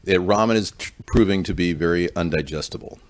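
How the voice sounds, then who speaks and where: A man's voice: deep voice, a little fast. A man in his fifties hosting a home cooking show, chatting and rambling with folksy asides as he cooks in his kitchen on a close-up mic. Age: 50s. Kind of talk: casual cooking demonstration. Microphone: close-up wired mic. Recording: noisy recording.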